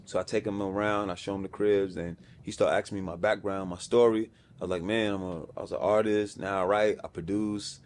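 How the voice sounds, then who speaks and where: There's a little hiss or hum under this lowish male voice, which runs a bit fast with few pauses and fairly even intonation. He's a New York-accented music executive from Brownsville, Brooklyn, telling a story in casual slang on a podcast and acting out quoted voices.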